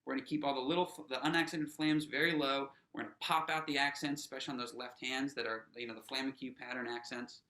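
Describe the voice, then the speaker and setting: A snare drum instructor teaches a workshop lesson, encouraging the drummers casually, restarting often, filling gaps with "um" and "you know," and counting the group in aloud. His middling-pitched voice is bright and forward, fairly even and fast with hardly any pauses, echoing around a roomy space.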